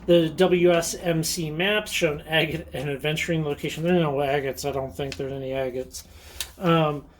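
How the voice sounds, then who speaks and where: His voice is a little high, with fairly even intonation and a moderate pace, and slight background noise sits behind it. He hosts a rockhounding channel's casual show-and-tell vlog, chatting enthusiastically with plenty of ums and little laughs.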